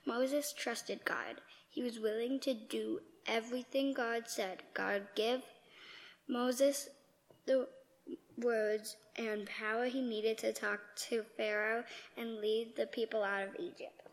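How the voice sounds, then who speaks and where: A woman reading a children's Bible story aloud in a slow, careful storybook manner. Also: fairly high pitch, steady tone, in a large hall. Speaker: scripture reader.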